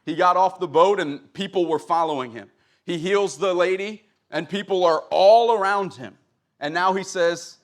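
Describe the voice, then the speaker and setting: A young man preaching a sermon, reading scripture slowly and then retelling it in casual everyday speech. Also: high voice, expressive.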